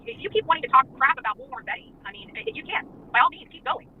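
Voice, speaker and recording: A woman's voice: high-pitched, very animated. A woman on a stream in casual chat, indignant and emphatic. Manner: indignant, emphatic, rapid venting. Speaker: guest on a stream. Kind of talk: casual chat over the phone. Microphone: phone. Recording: tinny phone line, faint hiss.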